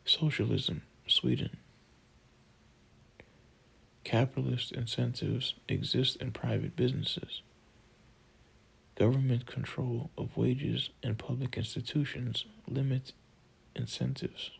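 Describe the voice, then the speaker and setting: Slow, gravelly male audiobook narrator. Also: mid-range voice, steady tone, poor audio. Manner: slow, measured reading of list items.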